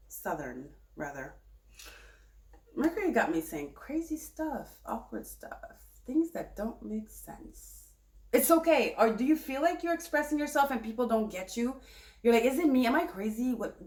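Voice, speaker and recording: A woman giving a tarot reading in a chatty, animated, self-correcting way. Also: a little high, unhurried, echoey room. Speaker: tarot reader.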